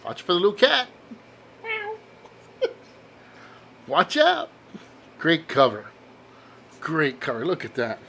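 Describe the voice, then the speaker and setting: A man's voice: a little high, huge pitch swings, slow pace, creaky, long pauses, sharp tone, slight background noise. A man chatting casually in a vlog as he shows off a comic book haul, enthusiastic and laughing at his own jokes. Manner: enthusiastic, exclaims over covers.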